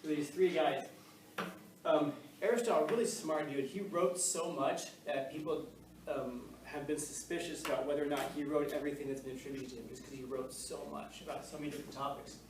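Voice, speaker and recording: A man's voice: fairly high pitch, steady tone, fairly quick. A male teacher giving a casual, joking classroom lecture, full of fillers and questions to the class. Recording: echoey classroom, mic far off, faint noise.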